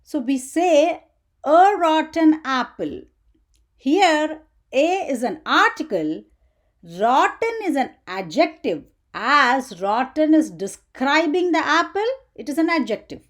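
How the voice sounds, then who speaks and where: Woman, children's grammar teacher, unhurried, sing-song delivery, questions to the viewer. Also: high voice, very animated. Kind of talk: English grammar lesson for children.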